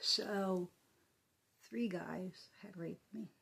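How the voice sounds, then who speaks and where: A woman telling a personal story in a soft, halting, emotional way, often dropping into a breathy whisper. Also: mid-range voice, fairly even intonation. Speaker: vlogger.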